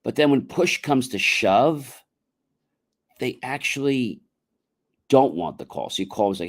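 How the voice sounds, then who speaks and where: A middle-aged man talks through a casual advice livestream at a middling pitch. He keeps it conversational and slips into both sides of imagined phone calls as he goes. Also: expressive, unhurried, long pauses. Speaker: motivational livestream host. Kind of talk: casual spoken advice monologue.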